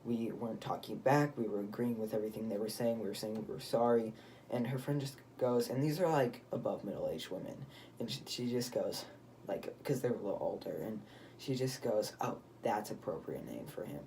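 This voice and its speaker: A man's voice: medium pitch, a little fast, mellow, far from the mic, a little hiss or hum. A teenage boy casually telling a story to camera, rambling, with many fillers and restarts. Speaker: vlogger.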